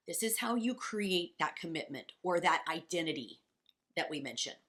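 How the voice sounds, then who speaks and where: A woman's voice: fairly low pitch, a bit bright. A woman co-hosting a podcast as a coach, talking in a passionate, blunt and profane way. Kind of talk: casual motivational podcast chat.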